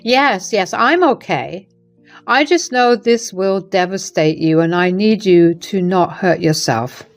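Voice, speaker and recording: A remorseful middle-aged mother-in-law, as a woman reads her, gentle and apologetic, in a voice of middling pitch. She sounds like the narrator herself with little change, over soft music in the background. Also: takes it slowly. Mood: worried.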